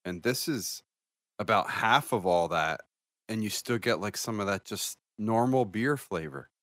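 Low-voiced man reviewing beer casually. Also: a little slow, no room sound, studio quality. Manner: relaxed, rambling with fillers. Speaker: podcast co-host. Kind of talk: casual beer podcast chat.

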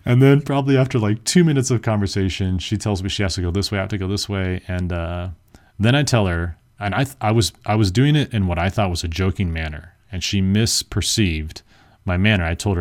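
A man's voice: sits low, a little fast. A young man telling a personal story in a casual, rambling way, full of fillers and self-mocking asides.

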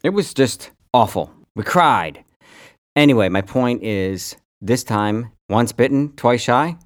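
Lively, swearing man on a dry close mic. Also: medium pitch, takes it slowly, no echo. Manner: animated, swearing, rambling with restarts. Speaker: podcast co-host. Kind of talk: casual chat.

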